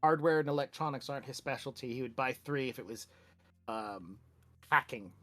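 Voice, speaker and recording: A man's voice: mid-range voice, normal speed, a bit bright, soft background music. A man narrating a tabletop role-playing game as game master, in a loose, casual way with many fillers.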